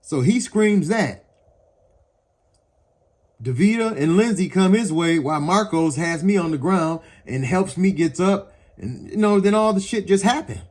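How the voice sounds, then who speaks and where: A man tells what happened in an agitated, heated way, with a voice that sits a little high. He swears often and points things out around him as he goes. He is recorded outdoors. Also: darkish tone. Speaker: person recounting a police encounter. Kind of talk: agitated first-person account. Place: outdoors in front of his house.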